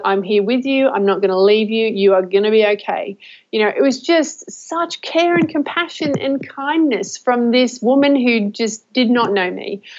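A woman talking to her viewers in a heartfelt personal vlog, emotional and halting with many fillers and restarts. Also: fairly high pitch. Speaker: vlogger. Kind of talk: heartfelt personal talk to camera. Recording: dull lo-fi recording.

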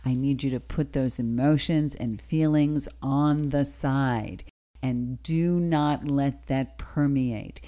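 A woman from the Bronx hosting a radio talk show, giving slow, deliberate advice to listeners. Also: rumbling low, dark tone. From Bronx, New York.

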